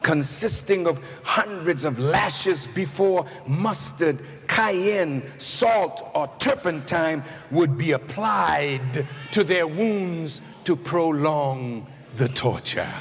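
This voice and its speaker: A man giving an impassioned speech, deliberate and building to shouted peaks. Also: on the high side. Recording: archive recording with long hall reverb and faint noise.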